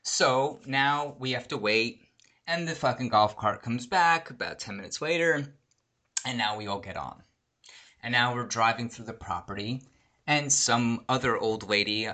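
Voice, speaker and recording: A man casually telling a long, profane story, animated and acting out the people in it. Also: fairly low pitch. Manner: animated, swears a lot, acts out quoted people.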